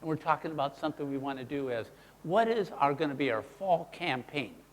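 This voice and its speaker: A man presenting a teaching seminar, who talks in an animated way and acts out his examples in character voices. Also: on the high side, a little fast, slight background noise. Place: presentation room. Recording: long hall reverb.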